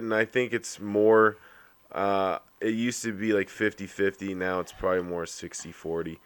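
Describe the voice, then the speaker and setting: Smooth, low-voiced laid-back man. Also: flat delivery, normal speed, no room sound. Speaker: bartender and stand-up comedian. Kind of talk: casual chat.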